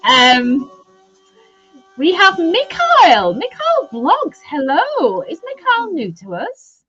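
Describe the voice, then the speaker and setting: A woman's voice: extremely high pitch, huge pitch swings, takes it slowly, bright, forceful tone, muffled recording, faint music behind. A married woman co-hosting a live stream from a caravan, chatting casually with giggles and playful teasing. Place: caravan in mid Wales, rain outside.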